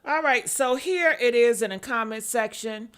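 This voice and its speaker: A woman's voice: on the high side, moderate pace, a bit bright, smooth. A woman vlogger reading out viewer comments in mock outrage, sarcastic, laughing often and repeating short exclamations.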